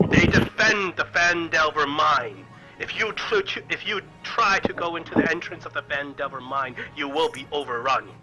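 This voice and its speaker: A man voicing a lustful, shifty male prisoner in a tabletop game, giving up what he knows slowly and hesitantly. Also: on the high side, over music, natural voice, rough recording. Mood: confiding.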